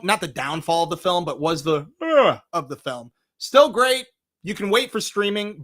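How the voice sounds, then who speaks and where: Excitable high-voiced man hosting movie reviews. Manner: excitable, swings between loud bursts and low asides, swears casually. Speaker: movie review show host. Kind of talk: casual livestream movie countdown.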